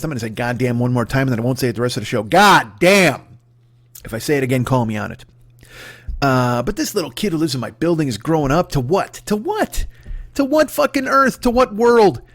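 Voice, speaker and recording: A man hosts a solo comedy podcast from his apartment. He talks in a profane, self-mocking way, swinging between loud rants and low mutters. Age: 50s. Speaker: podcast host. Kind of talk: rambling solo comedy monologue. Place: home apartment.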